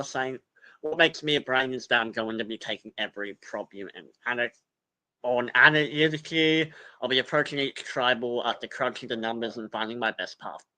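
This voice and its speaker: A man's voice: mid-range voice, pushed and bright, rough recording. A young man chatting casually on a livestream, reading cast bios aloud and rambling through his opinions with lots of fillers and swearing.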